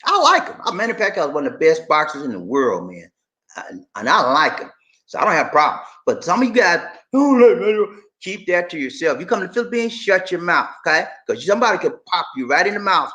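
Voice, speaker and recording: A man's voice: fairly high pitch, big pitch swings, fast talker, pushed and bright. A middle-aged man co-hosting a casual live stream, reading viewer comments and talking straight to the audience in an emphatic, repetitive way.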